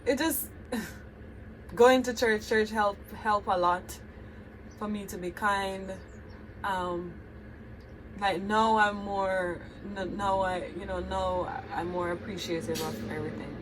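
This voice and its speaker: A woman's voice: mid-range voice, fairly even intonation, slow, a little hiss or hum, poor audio. A woman with a Jamaican accent talking to her viewers in a reflective, heartfelt vlog. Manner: earnest, heartfelt, addresses viewers directly. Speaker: vlogger.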